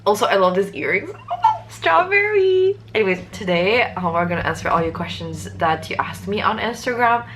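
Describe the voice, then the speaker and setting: A young woman from Morocco, an exchange student, chatting casually and excitedly to the camera with lots of fillers. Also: lowish voice, brisk, hardly any pauses, slight background noise. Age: young adult.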